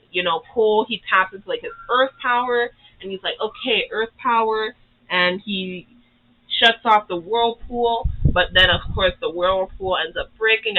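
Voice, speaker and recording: A YouTuber casually rambling through a cartoon recap, with constant "like" and "you know" and quick acted-out character lines. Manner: briefly acts out characters' lines in higher pitch. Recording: tinny phone-like audio.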